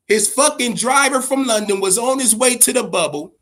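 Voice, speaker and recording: A man with a high voice hosts a boxing talk show. He rambles, swears often and tells his stories with a lot of energy. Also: normal speed, few pauses. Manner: profane, rambling, animated. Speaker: host.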